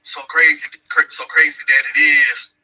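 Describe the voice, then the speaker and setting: Man, casual profane storyteller, very bright husky tone, distant mic. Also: a little high, level tone, moderate pace. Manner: blunt, profane, emphatic retelling. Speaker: father of a missing woman's child.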